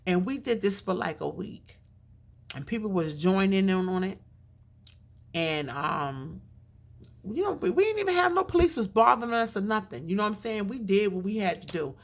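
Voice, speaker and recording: A woman's voice: medium pitch, sing-song, normal speed. A woman vlogger telling a casual story with lots of fillers and asides, her speech a bit mushy from a chain in her mouth.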